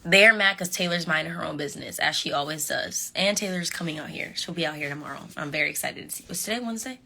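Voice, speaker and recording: A young woman chatting casually with fans on a live stream, animated and sassy, talking straight to her viewers. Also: deep voice, quick pace, gravelly, a little hiss or hum. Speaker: reality show contestant on a live stream. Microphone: phone.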